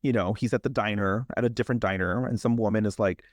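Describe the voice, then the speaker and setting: A man's voice: on the low side, quick pace, no echo, clean studio sound. A man co-hosting a podcast, casually recapping a movie and acting out the characters' lines. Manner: animated, acts out characters' lines in exaggerated voices. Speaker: podcast co-host.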